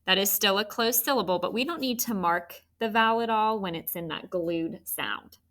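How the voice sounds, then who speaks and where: A woman's voice: medium pitch, normal speed, a bit bright. A woman teaching a children's phonics lesson, spelling out letters and encouraging the students.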